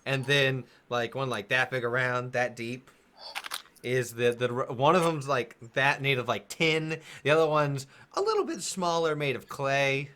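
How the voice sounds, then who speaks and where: A man's voice: mid-range voice, lively intonation, a little slow, pushed and bright. A man running a tabletop game as game master, describing scenes in a rambling way and laughing often.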